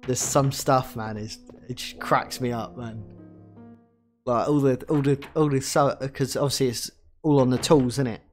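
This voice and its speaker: A young southern English man rambles and chats while playing a game, swearing freely and talking in a mid-pitched voice. Faint game music sits behind him. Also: steady tone, normal speed, a little mellow. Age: young adult. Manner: rambling, chatty, swears often. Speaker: game streamer. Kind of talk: casual gameplay chatter.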